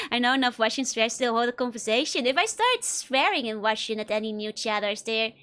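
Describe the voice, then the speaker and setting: A woman's voice: a little high, big pitch swings, normal speed, fairly bright tone. A young woman, streaming a game and chatting with viewers, giggling often. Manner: giggly, laughs often between remarks. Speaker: VTuber streamer. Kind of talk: casual let's-play chat with viewers.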